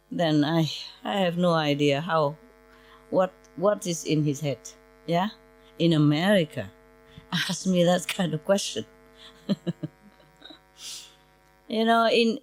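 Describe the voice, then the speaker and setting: A woman's voice: medium pitch, a little mellow, dry recording, low-quality recording. A woman spiritual teacher giving an informal, chatty talk to her disciples in broken English grammar, laughing often.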